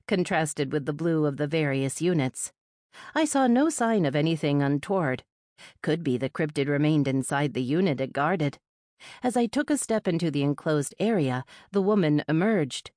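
A woman narrates first-person fiction with a wry, sardonic edge. Her voice sits low, and the dry studio sound keeps it close. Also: a little mellow, no echo. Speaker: audiobook narrator.

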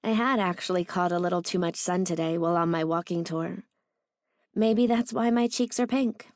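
A woman narrating a first-person romance audiobook in a measured, intimate way. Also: fairly low pitch, no room sound, studio quality.

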